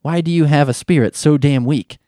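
A man's voice: fairly high pitch, normal speed, mellow, no room sound, studio quality, natural voice. A man reading out the lines of a stern, angry father who scolds his son.

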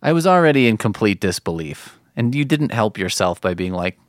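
A man's voice: on the low side, sing-song, fairly quick, few pauses, no room sound, studio quality. A man hosting a reaction video, mocking and incredulous as he comments. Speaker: host reacting to online videos.

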